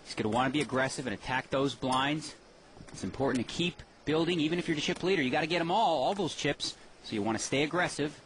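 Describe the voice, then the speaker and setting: A man with a fairly high voice gives analytical poker commentary, explaining why each player acts as he does. Steady background noise sits under his voice. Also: fast talker.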